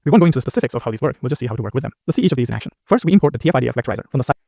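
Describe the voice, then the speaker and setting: A man explains a technical lesson at a rapid clip, his voice carrying a gravelly edge. He keeps a brisk, steady, explanatory manner throughout. The recording is dry and a little dull. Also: mid-range voice, no room sound. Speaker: course instructor. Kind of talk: scripted technical lesson narration.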